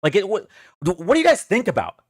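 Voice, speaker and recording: High, animated man ranting to chat. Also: a little fast, no echo, studio quality. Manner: exasperated, sarcastic, repeats himself. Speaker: political livestream host. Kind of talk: casual livestream commentary to chat.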